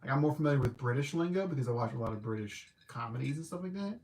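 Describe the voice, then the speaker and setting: A man's voice: mid-range voice, lively intonation, very fast, darkish tone. A man hosting a casual livestream movie review, rambling and correcting himself as he thinks aloud. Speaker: film reviewer host.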